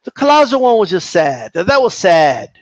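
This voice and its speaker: A man's voice: sits high, sing-song, normal speed, no echo. A man ranting casually about boxing on a live stream, reading the chat, swearing and repeating himself in heated bursts. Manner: profane, heated, repetitive.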